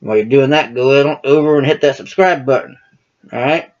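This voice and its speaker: A man's voice: mid-range voice, brisk, darkish tone, dull audio. A man hosting his own political commentary channel, ranting casually to camera in a profane, combative, heated way.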